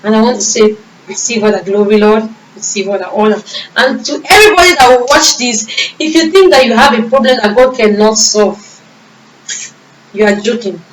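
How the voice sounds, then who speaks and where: A woman's voice: on the high side, expressive, normal speed, slight background noise. A young woman with a Nigerian accent, a vlogger telling a personal faith testimony in an earnest, emotional way. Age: young adult. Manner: earnest, emotional storytelling with reported dialogue. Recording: echoey room from a distance.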